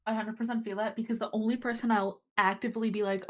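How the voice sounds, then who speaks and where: A young woman chatting casually as a guest on a stream, agreeable and relaxed. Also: medium pitch, fast, hardly any pauses. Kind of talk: casual chat.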